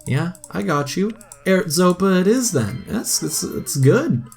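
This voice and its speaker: A young man giving casual, chatty commentary on a game he is playing, excitable and often crying out in dismay. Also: high voice, a little slow, gravelly, soft background music. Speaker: gaming video host.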